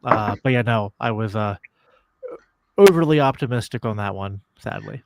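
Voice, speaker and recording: A man's voice: on the low side, normal speed, noisy background. A man co-hosting a casual political podcast, thinking aloud with many "like" fillers. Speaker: podcast co-host.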